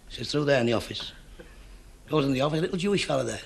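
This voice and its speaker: A male comic reels off quick punchline gags and acts out every voice in them. His voice has a gravelly edge, and it sounds sharp and bright. His pitch sits a little high. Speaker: stand-up comedian. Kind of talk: stand-up joke-telling.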